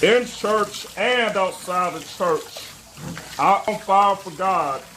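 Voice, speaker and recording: High-voiced man stammering through a vlog. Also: noisy background. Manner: halting, stammering, self-correcting; earnest and devout. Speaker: homeowner vlogger. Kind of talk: casual how-to vlog commentary. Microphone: phone.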